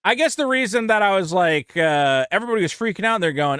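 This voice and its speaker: Blunt, animated podcast guy. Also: sits high, quick pace, hardly any pauses, clean tone, no echo, studio quality. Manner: animated, blunt, swears, mocks people in quoted rants. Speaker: podcast co-host. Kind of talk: casual card-game chat.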